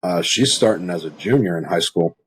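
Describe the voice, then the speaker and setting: A middle-aged man co-hosting a video-call talk show, his low voice husky and a little rough. He trades dry, laughing banter with the host. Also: expressive, fairly quick. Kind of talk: casual podcast chat.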